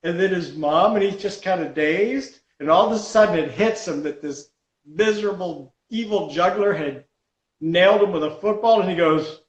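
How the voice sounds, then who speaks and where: A man, a stunt comedian, telling a story in a lively, self-mocking way on a podcast. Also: high-pitched, normal speed, roomy sound, muffled recording. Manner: animated storyteller, laughs at himself. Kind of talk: casual storytelling on a podcast call.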